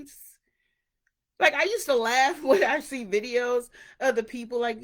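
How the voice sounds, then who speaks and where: A woman hosting a casual solo podcast, chatty and animated, who acts out the voices of people she quotes. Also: a little high, moderate pace. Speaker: podcast host.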